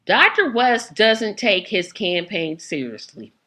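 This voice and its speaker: A woman hosting a casual political chat, animated and acting out the reactions she quotes. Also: medium pitch, takes it slowly. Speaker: host.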